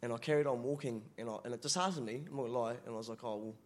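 Racing through his words in a mid-range voice, a man in the congregation asks a question by way of a chatty, laughing story, peppering it with "brother."

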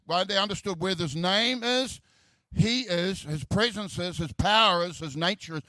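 A middle-aged pastor preaches in a fairly high voice, reading scripture and explaining it as he goes. He repeats words as he searches for the next phrase and slips in joking asides. The sound is close and dry, with no room echo. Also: moderate pace, bright, forceful tone.

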